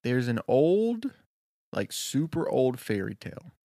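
A man in a casual brainstorming chat, telling a story with lots of animation. His pitch moves lively up and down, and the recording is dry and close. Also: a little slow, dry recording.

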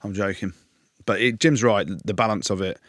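Low-pitched man with a dry, close sound. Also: moderate pace, no echo. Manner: banter, ribbing. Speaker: podcast host. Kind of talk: casual rugby chat.

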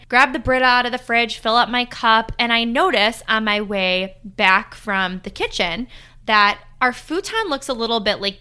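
Podcast host, young adult woman, bright voice, loose chatty storytelling. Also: a little high. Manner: chatty, lots of "like" and "you know". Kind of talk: casual storytelling.

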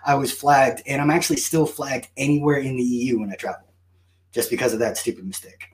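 A man telling stories in a casual chat, animated and self-mocking. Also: mid-range voice, a little fast. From United States. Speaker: guest.

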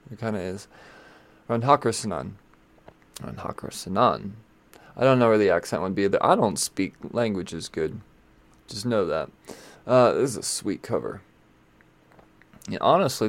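A man's voice: fairly low pitch, gravelly. Blunt rambling man reviewing comics. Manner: rambling, blunt, swears casually, trails off. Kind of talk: casual video commentary.

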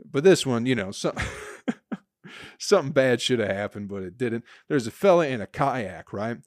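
A man's voice: medium pitch, dry recording, clean studio sound. A man around forty, hosting a solo comedy podcast and rambling crudely with profane, sarcastic asides. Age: 40s.

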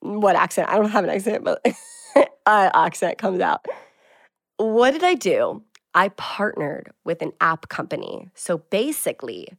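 A woman's voice: fairly low pitch, fairly bright tone, no echo, studio quality. A woman in her twenties hosting her own show, chatting casually and upbeat through business tips, with lots of filler words. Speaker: fitness creator and show host.

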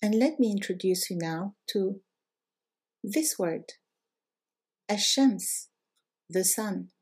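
Slow, gravelly-voiced woman teaching. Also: medium pitch, mellow. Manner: patient, step-by-step explaining with drawn-out example words. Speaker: Arabic teacher. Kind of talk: recorded language lesson.

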